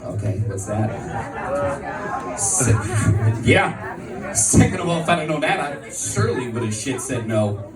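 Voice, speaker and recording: A man in his forties doing a stand-up comedy set, telling brash, profane stories in bursts of excitement. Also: medium pitch, measured pace, long pauses, loud music behind the voice. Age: 40s. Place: comedy venue with a live crowd. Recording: echoey room recorded from a distance, crowd audible. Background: audience laughter.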